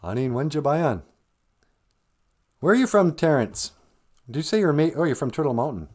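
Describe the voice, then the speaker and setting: Brisk and slightly mellow, with big pitch swings, this fairly high male voice belongs to a Minnesotan with an Upper Midwest accent. On his casual livestream he reads viewer comments aloud, chuckles, and teaches Ojibwe words.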